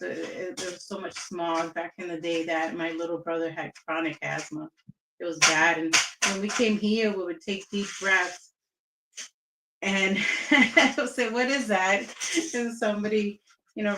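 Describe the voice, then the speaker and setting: A woman's voice: lowish voice, reverberant, background noise. A woman from Southern California, a guest in a casual interview, telling stories in a chatty, reflective way with restarts.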